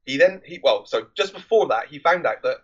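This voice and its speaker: A man's voice: fairly high pitch, lively intonation, brisk, breathy edge, highs cut off. A man hosting a film podcast, recapping a movie plot in a loose, rambling, conversational way.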